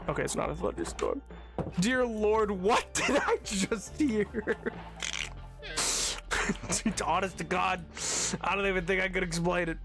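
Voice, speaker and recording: A male streamer chats with his viewers in a high, bright voice, laughing easily and staying animated as he goes. Faint music plays underneath his talk. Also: moderate pace. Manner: giggly, animated, breaks into laughter often. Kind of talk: casual live-stream chat, reading chat messages.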